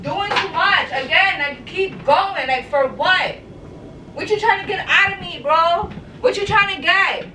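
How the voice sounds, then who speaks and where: A woman's voice: very high voice, measured pace, echoey room. A young pregnant woman vlogging, talking in a blunt, exasperated way with street slang and lots of repetition. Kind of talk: casual argument on camera. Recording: distant mic with vehicle noise.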